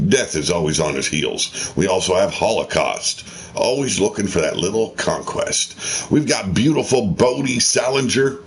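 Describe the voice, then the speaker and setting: A man hosting a wrestling video game show, in a theatrical ring-announcer delivery with swearing asides. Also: on the low side. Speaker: host of a wrestling game channel.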